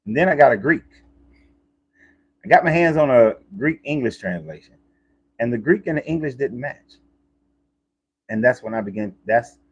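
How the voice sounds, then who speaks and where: A man's voice: lowish voice, breathy edge, dull audio. A man talking in a casual, rambling monologue, often restarting and repeating himself, as a life coach.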